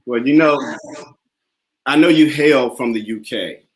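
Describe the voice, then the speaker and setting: A man's voice: mid-range voice, measured pace. A man hosting a talk show interview, easygoing and repeating his words as he asks questions. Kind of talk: casual interview chat.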